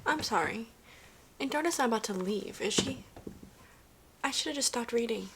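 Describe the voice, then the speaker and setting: A woman's voice: a little high, lively intonation, moderate pace, long pauses, background noise. A young woman vlogging about a book series, talking casually with lots of fillers and sometimes dropping to a whisper while reading. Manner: chatty, filler-heavy, often drops to a whisper while reading. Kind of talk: casual reading vlog commentary.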